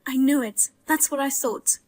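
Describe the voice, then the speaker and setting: A woman plays a heavily pregnant young wife with a high, light voice. She is suspicious and indignant, with a wry, grim humor in this dramatized story. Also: moderate pace, darkish tone, natural voice. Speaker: pregnant daughter-in-law.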